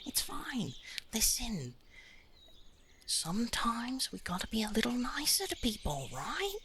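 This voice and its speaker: A man voicing a meek male servant in a high, breathy half-whisper, gently soothing his master. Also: huge pitch swings, measured pace, noisy background, full character voice. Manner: coaxing and gentle.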